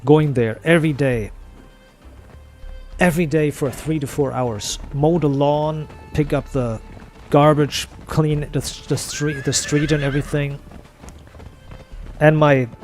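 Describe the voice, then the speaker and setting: A man's voice: on the high side, darkish tone. A young man streaming a game, telling a story in a casual, profane rant full of restarts. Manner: ranting, profane, frequent restarts. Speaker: gaming streamer. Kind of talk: casual storytelling while gaming.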